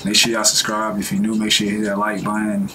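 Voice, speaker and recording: A man's voice: lowish voice, completely flat delivery, fast, bright, forceful tone, a little hiss or hum. A man hosting a reaction video, talking in a casual, mocking way and laughing often.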